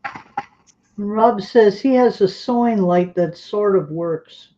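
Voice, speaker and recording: A woman co-hosting a livestream, relaxed and friendly, reading out viewer comments. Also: medium pitch, slow pace, a little hiss or hum. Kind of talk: casual livestream chat. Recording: dull lo-fi remote audio.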